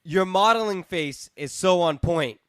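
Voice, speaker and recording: A man's voice: high voice, a little slow, fairly bright tone, clean tone, no echo. A man hosting a podcast, talking casually in a rambling way, repeating words and encouraging his guest. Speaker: podcast host. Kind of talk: casual interview chat.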